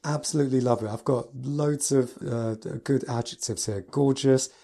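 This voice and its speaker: Mellow-voiced man gushing over pieces. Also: mid-range voice, steady tone, normal speed. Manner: enthusiastic, gushing with adjectives. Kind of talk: casual spoken review from notes.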